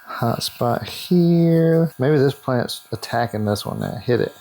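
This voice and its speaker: A man talks through an airbrush painting lesson in a loose, conversational way. His voice sits at an ordinary middle pitch, and he chats to himself as he works, often counting off steps. A faint noise hangs under the recording. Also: animated, slow pace, mellow. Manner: chatty, self-talk while working, counts out steps. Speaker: airbrush artist and tutorial host. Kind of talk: casual narrated painting tutorial.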